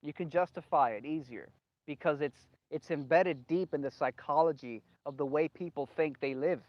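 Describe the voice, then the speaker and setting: A man's voice: on the high side, normal speed, no room sound. A man hosting a solo video monologue, rambling, repeating himself emphatically and losing his train of thought. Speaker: video host. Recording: dull lo-fi, dry sound.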